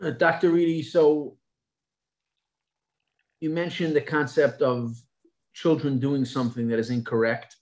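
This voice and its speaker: A man, a rabbi moderating, asking a measured, thoughtful question on a video call. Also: medium pitch, steady tone, a little mellow.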